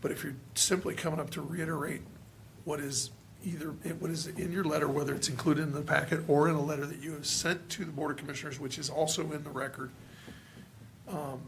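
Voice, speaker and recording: A male county commissioner speaking at a public hearing, frustrated and halting, with many restarts. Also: a little high, steady tone, vocal fry, fairly bright tone, slight background noise. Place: hearing room.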